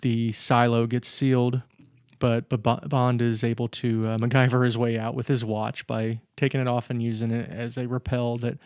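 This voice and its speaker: A man's voice: medium pitch, level tone, moderate pace, darkish tone, clean tone, no echo, studio quality. A man co-hosting a podcast, casually recapping a film's plot step by step with fillers. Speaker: podcast co-host. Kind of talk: casual chat recapping a film.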